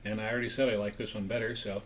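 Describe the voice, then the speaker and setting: A man's voice: fairly low pitch, level tone, very fast, slight background noise, poor audio. Rambling casual man reviewing snacks. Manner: rambling, chatty, talks with mouth full. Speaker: food review vlogger. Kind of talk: casual food review vlog.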